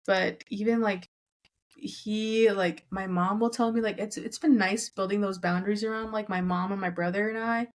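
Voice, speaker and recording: A woman's voice: medium pitch, steady tone, normal speed. A young woman from Southern California, a podcast guest chatting casually and filling her talk with "like". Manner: chatty, heavy use of "like", acts out family members' lines. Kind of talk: casual chat.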